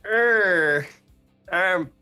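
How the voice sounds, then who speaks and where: A man voicing a blustering male brawler in an attempted Australian accent, loud and gruff. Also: sits high, expressive, extremely slow, faint music behind, voice pushed up, full character voice.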